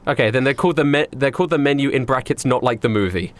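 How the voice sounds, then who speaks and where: A man narrating as game master, animated and quick to laugh. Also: medium pitch, noisy background.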